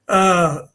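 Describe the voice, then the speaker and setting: Halting man giving sports picks. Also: sharp tone. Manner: thoughtful, halting, many fillers. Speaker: podcast co-host. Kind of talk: casual sports analysis.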